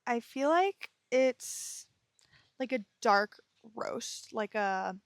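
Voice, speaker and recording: A woman hosts her solo podcast in a gentle, reassuring way, sounding tired and emotionally weighed down. Her voice sits a bit high, and she often stumbles over words and laughs at herself. The recording is close and dry, with no room sound. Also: animated, extremely slow, no room sound. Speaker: podcast host. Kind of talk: casual solo podcast talk.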